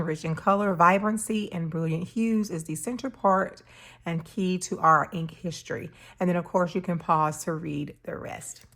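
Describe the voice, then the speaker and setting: Host type: woman, lowish gravelly voice, slow unhurried chat, relaxed stationery vlogger. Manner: slow, relaxed, chatty with fillers and soft laughs. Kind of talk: casual unboxing and pen demo.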